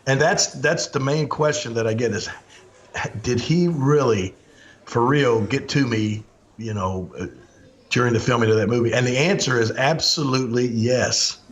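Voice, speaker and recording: A man's voice: medium pitch, moderate pace. Older man telling a story on a podcast. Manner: animated anecdote-telling, acts out quoted lines. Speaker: podcast host. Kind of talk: casual storytelling.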